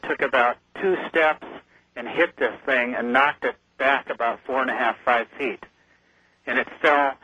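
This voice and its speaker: A man's voice: medium pitch, bright, forceful tone, breathy edge, dry recording. A man calling in as a guest on a radio interview, telling his story in an earnest, vivid way. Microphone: telephone. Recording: muffled phone line.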